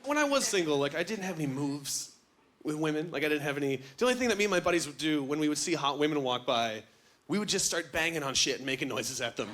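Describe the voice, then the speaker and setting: A man with a high voice performs stand-up comedy, telling his story with animated energy and slipping into voices of other people. Loud room noise runs behind him. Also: fast talker. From Canada. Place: comedy club stage with live audience.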